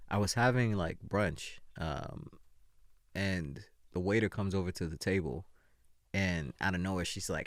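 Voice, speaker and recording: A young man co-hosts a podcast, chatting casually and telling stories with animation while acting out what people said. His voice is low and moderately paced, recorded in studio quality with no room sound.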